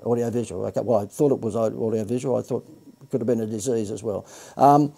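Husky man pitching a course. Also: quick pace, mellow. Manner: rambling, self-correcting, joking asides. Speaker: marketing course presenter. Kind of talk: live sales pitch.

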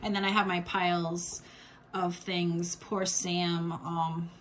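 A woman's voice: fairly low pitch, level tone, slow, slight background noise. A woman vlogger chatting casually about a subscription box, rambling with lots of fillers and restarts. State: has the hiccups. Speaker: unboxing vlogger. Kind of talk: casual unboxing chat.

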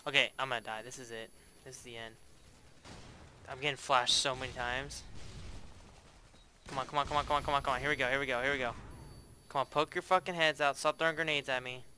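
A man giving profane, excitable live commentary while playing a shooter game. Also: mid-range voice, quick pace, long pauses, slight background noise. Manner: profane, excitable trash talk. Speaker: gameplay commentator.

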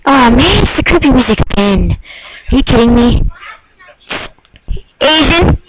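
A man's voice: extremely high pitch, animated, measured pace, fairly bright tone, rough recording. A teenage boy rambling and joking through casual let's-play commentary of a horror game. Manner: goofy, rambling, jokey. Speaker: gamer.

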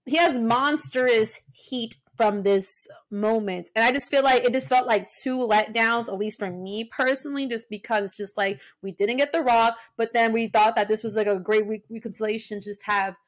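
A young woman co-hosting a casual podcast chat, passionate and animated, swearing freely. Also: a little high, moderate pace, hardly any pauses. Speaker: podcast co-host.

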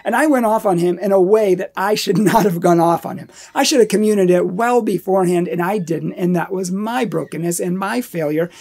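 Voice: mid-range voice, a little fast, hardly any pauses, a little mellow, husky. A Catholic speaker telling a personal testimony in an earnest, emphatic way, building up repeated phrases.

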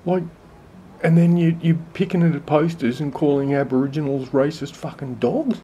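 A man with an Australian accent ranting casually and sarcastically to camera, swearing and rambling with halting restarts. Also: fairly high pitch, muffled recording, noisy background. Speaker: vlogger. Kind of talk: casual profane rant to camera.

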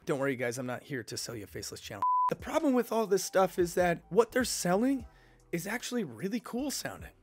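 A man's voice: sits high, very animated, brisk, faint music behind. Direct, skeptical male YouTube consultant. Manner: direct, skeptical, talks straight to viewers. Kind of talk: casual commentary vlog.

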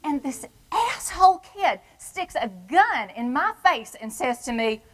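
A woman's voice: high voice, sing-song, a little slow, rough recording. A woman with a Texan accent playing a brash, folksy wife of a prisoner in a stage monologue. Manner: brassy, folksy, drawling. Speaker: performer. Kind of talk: theatrical monologue.

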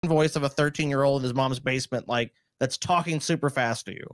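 A man's voice: medium pitch, fast, few pauses, fairly bright tone, dry recording, clean studio sound. A man co-hosting a comedy stream, mocking and swearing as he reacts to clips. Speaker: podcast co-host. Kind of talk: casual comedic reaction chat.

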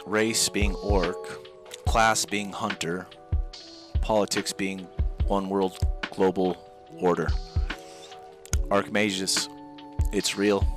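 A man's voice: low-pitched, level tone, takes it slowly, long pauses. A young man chatting casually as a gaming streamer, rambling and jokey with laid-back gamer slang. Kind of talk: casual joking chat. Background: background music.

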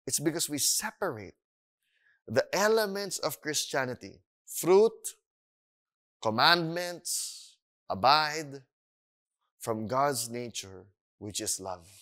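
A bright, forceful male voice preaching with a Filipino accent, fairly high in pitch. He moves in and out of Tagalog phrases and acts out little voices to make his points, lively and conversational from the pulpit. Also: slow, pauses often. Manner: animated preaching, switching between English and Tagalog phrases; acts out voices of children and doubters. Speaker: pastor. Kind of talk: sermon.

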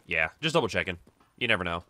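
A young man streaming a zombie shooter with friends, chatting casually, laughing and quick to agree. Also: deep voice, sing-song, pushed and bright. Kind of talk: casual gaming chat.

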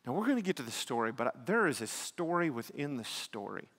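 A male pastor preaching an animated sermon, swinging between loud exclamations and hushed emphasis. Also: medium pitch, fairly quick, slightly rough. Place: church sanctuary. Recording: long reverb of a church hall.

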